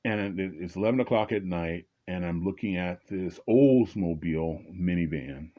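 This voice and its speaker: A man's voice: sits low, normal speed, lo-fi sound. A man telling a personal story in a conversational way, often stopping and restarting, and raising his voice when he acts out angry exchanges. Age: 20s at the time told, now older. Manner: frequent fillers and repeated restarts.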